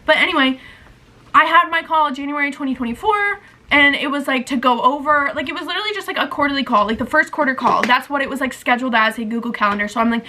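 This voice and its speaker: A young woman in her twenties vlogs in a high, quick, sharp voice, rambling emotionally through a casual confessional chat packed with "like." The low-quality recording carries a faint hiss or hum.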